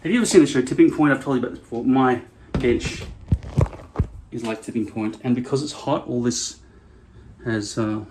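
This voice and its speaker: A man's voice: mid-range voice, normal speed, long pauses, darkish tone, a little hiss or hum. A man vlogging in a casual, rambling way, frank and swearing now and then. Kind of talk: casual vlog talk.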